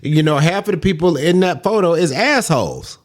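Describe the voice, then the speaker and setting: A man's voice: fairly high pitch, lively intonation, normal speed. A man co-hosting a podcast in a blunt, crude, joking casual chat. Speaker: podcast co-host.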